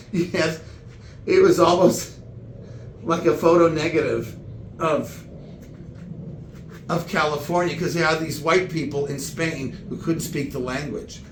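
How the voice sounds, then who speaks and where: A man telling comic stories in meandering, halting chat full of restarts. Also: a little high, reverberant, a little hiss or hum. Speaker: comedian. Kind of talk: rambling comedic chat.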